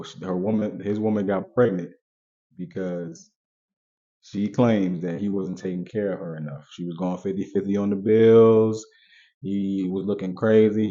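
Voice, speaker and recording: A vlogger with a deep voice and dark tone, its highs cut off, talks casually to his viewers in a commentary vlog. Conversational, he repeats his points and addresses the audience directly.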